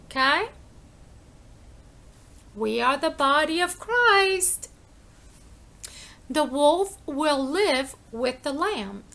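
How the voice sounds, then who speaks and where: A woman's voice: high voice, animated, drawn-out words, long pauses, pushed and bright. A woman preaching an informal sermon, emphatic and conversational, asking questions and answering them herself and repeating phrases for effect.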